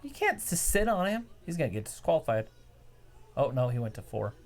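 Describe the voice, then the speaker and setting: A woman's voice: sits low, big pitch swings, fairly quick, crowd noise. A woman co-hosting a casual live reaction chat, giving wry running commentary with trivia asides. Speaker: co-host reacting to a wrestling show.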